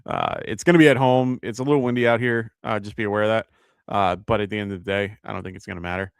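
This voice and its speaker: A man's voice: lowish voice, fairly even intonation, fast talker, creaky, smooth, no echo, clean studio sound. A man with a New York accent hosting a live fantasy football show, thinking aloud with lots of fillers and self-corrections. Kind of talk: casual live-stream advice.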